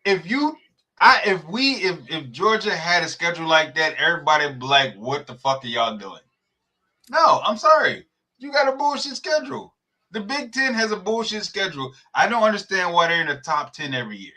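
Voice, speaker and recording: A man argues sports on a podcast, fired up and swearing freely. His voice sits a little high and rings bright and forceful. He keeps circling back to the same point with mounting heat. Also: brisk. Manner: heated, profane, animated ranting. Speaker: podcast co-host. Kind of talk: casual sports debate.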